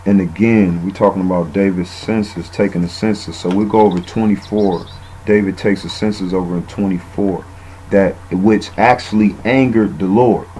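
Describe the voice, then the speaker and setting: A man's voice: sits low, fairly even intonation, moderate pace, dark tone, slight background noise, rough recording. A man giving a casual, rambling bible teaching, often saying "man" and using fillers.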